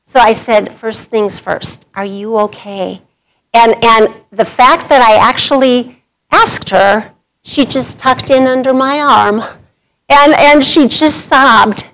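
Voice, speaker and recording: A woman's voice: fairly high pitch, slow pace, fairly bright tone, rough recording. A middle-aged woman, speaking to a women's group in a sermon and telling a personal story conversationally, laughing through the anecdotes.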